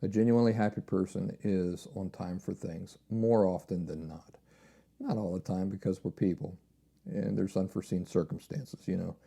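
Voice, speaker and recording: Gravelly, dark-voiced man hosting a podcast. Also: deep voice, fairly even intonation, moderate pace. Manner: rambling, repeats phrases and restarts. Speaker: podcast host. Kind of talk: casual solo podcast talk.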